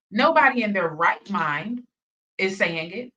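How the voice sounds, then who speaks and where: In a reaction video, a female host challenges and questions things repetitively. Her medium-pitched voice is animated, bright and forceful, and a little slow. The recording sounds dull, as if she sits far from the mic.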